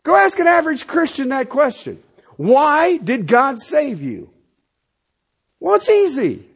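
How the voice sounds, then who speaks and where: A middle-aged pastor preaches a sermon emphatically, swinging between loud declarations and quiet asides. His voice is very high-pitched with wildly swooping pitch and vocal fry, and he keeps a measured pace.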